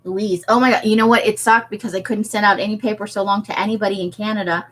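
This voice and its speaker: Woman host, chatty and laughing, mid-pitched voice, talking through viewer comments. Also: fairly even intonation, fast talker, fairly bright tone. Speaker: livestream host. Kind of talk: casual livestream chat.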